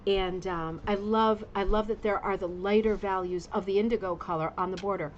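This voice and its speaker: A woman hosts a casual craft livestream from a home studio with a green screen. She pours out effusive praise and rambles with plenty of ums and restarts, at an ordinary mid pitch. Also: steady tone, moderate pace, lo-fi sound, slight background noise. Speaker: host of a rug hooking club livestream. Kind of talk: casual livestream show-and-tell.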